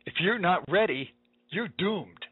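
A man's voice: high voice, lively intonation, unhurried, breathy edge, no room sound. A male radio host giving an urgent, preaching monologue, emphatic and repetitive, heard over a tinny, phone-like line.

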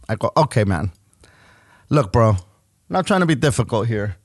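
A man's voice: mid-range voice, normal speed, long pauses, no echo, studio quality. A man on a podcast, telling a story in casual, profane talk and acting out each person's lines. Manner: profane, animated storytelling with acted-out dialogue. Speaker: podcast co-host.

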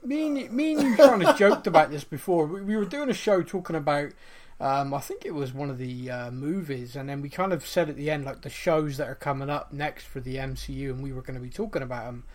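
A man's voice: on the high side, expressive, a little fast, darkish tone. A man hosting a casual podcast, joking around and stumbling over his words. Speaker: podcast host. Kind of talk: casual chat.

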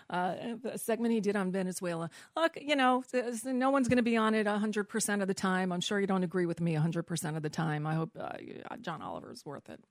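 A woman's voice: medium pitch, no room sound, clean studio sound. A woman hosting a political talk radio show, chatting casually, restarting her phrases and reading posts aloud. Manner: chatty, self-interrupting, reads posts aloud.

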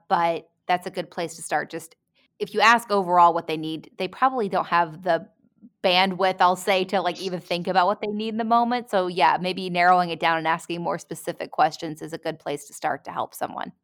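Woman podcast host, slightly low voice, gentle and encouraging. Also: clean tone. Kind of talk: supportive interview conversation.

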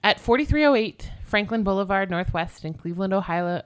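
A woman's voice: medium pitch, animated, brisk, hardly any pauses, clean tone. Chatty woman telling a ghost story. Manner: chatty, swears, giggly asides. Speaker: podcast co-host, storyteller.

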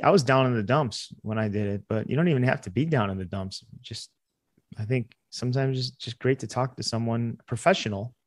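Man, podcast co-host, medium pitch, laid-back and playful, dry close recording. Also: no echo. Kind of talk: casual comedic chat.

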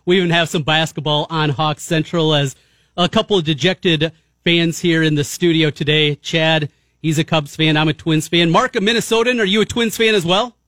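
A man's voice: a little high, fairly even intonation, normal speed, a bit bright, no echo. A man hosting a sports radio show, joking with his guests in the studio. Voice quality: nasal. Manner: upbeat, joking banter with guests.

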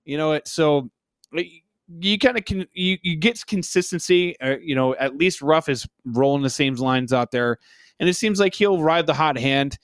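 A man's voice: on the high side, normal speed, smooth, no echo, studio quality. A man co-hosting a casual hockey podcast, exasperated and sarcastic as he vents about his team. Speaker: podcast co-host. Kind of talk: casual hockey fan chat.

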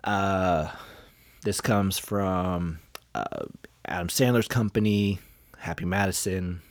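Man, very low voice, podcast host, blunt and profane, rambling with fillers, dry close sound. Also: slow pace, no echo. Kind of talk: casual movie review ranking.

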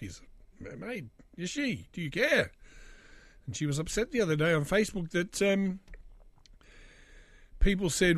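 This is a man from Britain hosting his own podcast, his voice a touch higher than usual for a man and still a little raspy from a recent illness. He rambles through the chat with a steady stream of sardonic jokes. The sound is close and dry, with no room around it. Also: no room sound. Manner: rambling, jokey, sardonic asides. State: slightly raspy after illness. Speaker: podcast host. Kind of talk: casual solo podcast chat.

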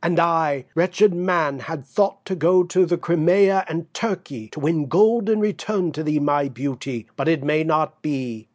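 A man's voice: on the high side, a little slow, hardly any pauses, a little mellow. A man voicing a despairing young male Cossack, mournful and resigned.

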